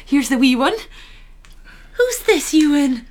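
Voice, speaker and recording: An actress playing a young farm wife with a Scottish accent, talking in a soft, homely way. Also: female voice, sits high, sing-song, slow, full character voice. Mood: anxious. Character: young farm wife, warm and eager to please.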